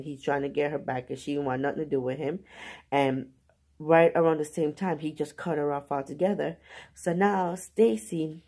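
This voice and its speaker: A woman's voice: sits low, slightly rough. A woman casually retelling a novel's plot in a chatty, slangy way as a book vlogger. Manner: animated, slangy retelling with asides. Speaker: book reviewer. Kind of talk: casual book review vlog.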